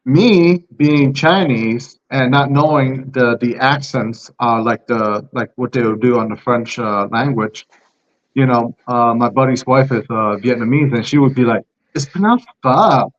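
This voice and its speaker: A man's voice: medium pitch, steady tone, measured pace. A man from Southeast Asia co-hosting a casual podcast chat. He laughs often and repeats words as he starts his sentences. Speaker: podcast co-host. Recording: dull lo-fi audio.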